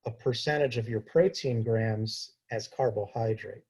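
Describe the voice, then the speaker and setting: A man answering questions as a diabetes educator on a video call, explaining in a measured way. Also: medium pitch, a little mellow, slightly rough, low-quality recording. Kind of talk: informal Q&A talk.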